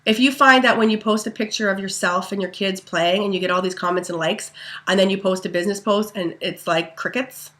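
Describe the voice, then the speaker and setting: A woman's voice: mid-range voice, steady tone, brisk, a bit bright. A woman giving a casual, rambling training talk to her network marketing team, full of fillers and asides. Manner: chatty, rambling, many ums and likes.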